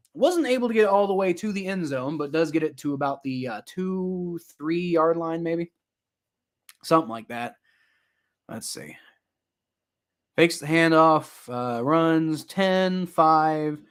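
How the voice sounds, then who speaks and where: A young man giving casual live play-by-play reaction to a football game, rambling with many fillers and getting loud and exasperated at times. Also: on the high side, animated, a little slow. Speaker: sports reaction streamer.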